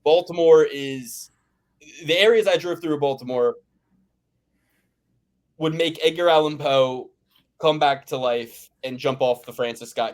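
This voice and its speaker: A man's voice: fairly high pitch, darkish tone. A man from the Philadelphia area hosting a casual sports betting chat, ranting and swearing with lots of restarts. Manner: ranting, profane, rambling with restarts. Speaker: podcast host.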